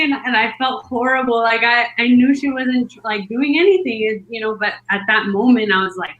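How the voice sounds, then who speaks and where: Woman, casual storytelling, rambling with many fillers, slightly high voice, echoey room. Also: moderate pace, few pauses, fairly bright tone, muffled recording. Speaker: podcast guest telling her birth story.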